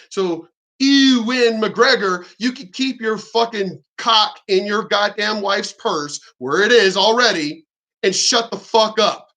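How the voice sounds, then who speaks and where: A man's voice: high-pitched, pushed and bright. A man in his forties hosting a commentary video, telling stories in a profane, heated ranting manner. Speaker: commentary channel host.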